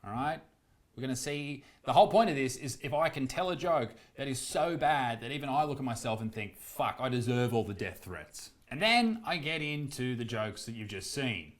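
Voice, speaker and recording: A man's voice: mid-range voice, animated, fairly quick. A man with an Australian accent, a comedian speaking directly to his viewers in a defensive, emphatic way. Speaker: comedian addressing his audience. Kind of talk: direct-to-camera explanation.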